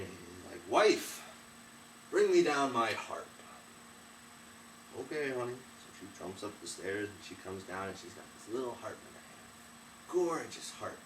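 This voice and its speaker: A young man in his twenties retells a fairy tale in a chatty, animated way. His voice sits on the low side. The recording is roomy and a little distant from the mic, with faint ambience behind. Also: slight background noise. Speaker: storyteller. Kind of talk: casual story retelling.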